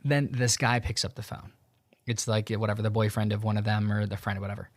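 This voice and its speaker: A man's voice: lowish voice, fast talker, no echo. Easygoing male podcast host telling a story. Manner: relaxed, loose retelling with many fillers and quoted dialogue. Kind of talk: casual storytelling. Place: home in Tucson.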